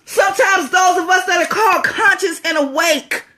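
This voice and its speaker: A woman's voice: very high-pitched, normal speed, sharp tone. A woman giving an impassioned spiritual talk, emphatic and preachy, repeating phrases for stress.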